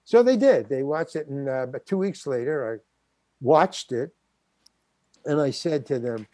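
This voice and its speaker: An older man, a guest actor, telling a story in an interview, animated, stammering and acting out the other people's voices. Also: mid-range voice, measured pace, long pauses, dry recording. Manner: animated, acts out quoted voices, stammers and restarts.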